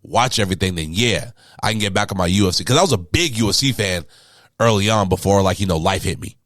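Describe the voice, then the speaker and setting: A man's voice: low-pitched, quick pace, a bit bright, no echo, clean studio sound. A man in his twenties co-hosting a podcast, bantering casually in slang and swearing freely. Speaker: podcast co-host. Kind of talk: casual chat.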